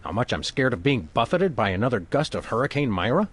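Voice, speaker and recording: A man's voice: medium pitch, very animated, fast talker, slightly rough. A man voicing a wry, dry-witted male dog detective in a video game.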